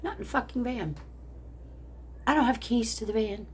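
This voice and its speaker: A woman's voice: on the high side, normal speed, darkish tone, a little hiss or hum. An older woman vlogger telling a story angrily, in a heated, profane rant. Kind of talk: angry personal storytelling.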